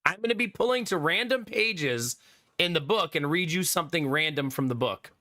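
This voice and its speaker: A man livestreaming and chatting casually with his viewers, laughing often and teasing, his voice gruff from being sick. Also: on the high side, animated, normal speed, sharp tone, no room sound, studio quality.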